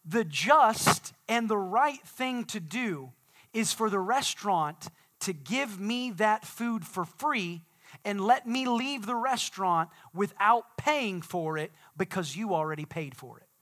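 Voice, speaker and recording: A man preaching a sermon as pastor, swinging from quiet explanation to shouted declarations. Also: sits high, expressive, takes it slowly. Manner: dynamic preaching, swelling to shouts.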